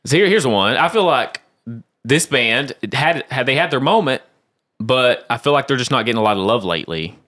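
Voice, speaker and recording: A man co-hosting a casual chat about bands, talking in an animated, chatty way with many fillers. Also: medium pitch, normal speed. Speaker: co-host.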